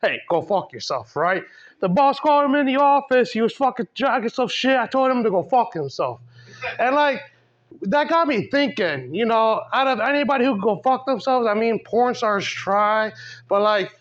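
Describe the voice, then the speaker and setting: A young man with a fairly high voice works through a stand-up set, swearing freely and padding every line with fillers. It sounds like a small comedy room, and the recording is dull and lo-fi. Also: animated, normal speed, fairly bright tone. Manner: profane, rambling with constant fillers. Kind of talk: stand-up set at an open mic.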